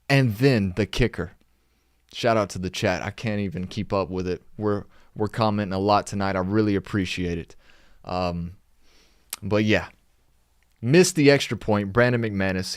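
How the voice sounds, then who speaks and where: Reading from his notes during a casual live-stream game recap, a young man keeps throwing out exasperated rhetorical questions. He has a lowish voice, and the sound is studio quality without echo.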